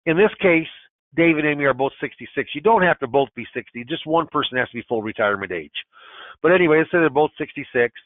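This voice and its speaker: A man's voice: fairly high pitch, expressive, fast, no room sound. A man in his sixties giving a webinar as a financial advisor, talking in an emphatic, folksy way that restarts and repeats phrases. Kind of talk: webinar presentation. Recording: tinny phone-like line.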